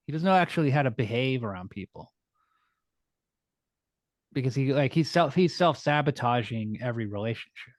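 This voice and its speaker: A man from New Jersey co-hosting a film podcast in casual chat, measured and ready to push back. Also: medium pitch, lively intonation, no echo, clean studio sound. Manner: measured, pushes back on others. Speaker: podcast co-host.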